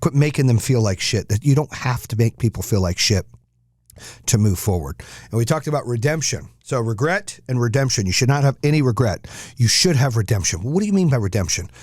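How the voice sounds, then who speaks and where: A man's voice: mid-range voice, expressive, fairly quick, darkish tone, no echo, clean studio sound. A man hosting a podcast, giving a blunt, profane, fired-up motivational monologue. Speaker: podcast host.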